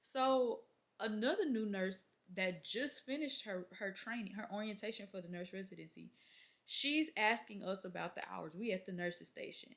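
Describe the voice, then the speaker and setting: A woman's voice: medium pitch, moderate pace, creaky. Exasperated young woman ranting to camera. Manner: exasperated, animated storytelling with acted-out quotes. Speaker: labor and delivery nurse, vlogger. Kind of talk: casual venting rant to camera.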